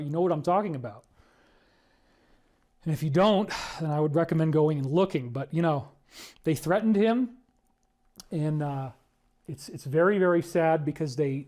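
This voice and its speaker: A middle-aged man with a fairly high voice talks in a long, rambling monologue. He shifts between quiet, hushed asides and heated exclamations. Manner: emotional, swings from hushed to exclaiming. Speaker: speaker on conspiracy theories.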